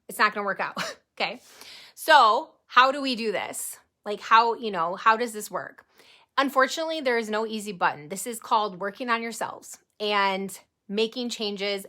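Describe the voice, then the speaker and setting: Woman, 40s, sales team leader on a live stream: bright, pushy energy, slightly high, chatty. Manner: energetic, chatty, talks to viewers directly. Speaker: network marketing team leader. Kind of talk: live motivational team training.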